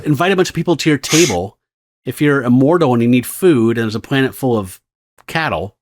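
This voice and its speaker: A man co-hosting a comics podcast in a loose, rambling way, cursing now and then and drifting between thoughts. His voice sits at an ordinary middle pitch. He sounds unhurried and conversational. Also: expressive. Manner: rambling, swears, reads comic dialogue in put-on voices. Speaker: podcast co-host. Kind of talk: casual podcast chat about comics.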